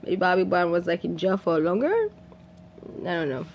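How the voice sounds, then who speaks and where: A woman from Haiti talks through a film in a loose, chatty recap. She laughs often and slips into the characters' lines, dropping to a whisper for some and jumping high for others. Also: moderate pace, slight background noise. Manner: animated, laughs often, acts out quotes in whispers and shrieks. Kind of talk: casual storytelling recap.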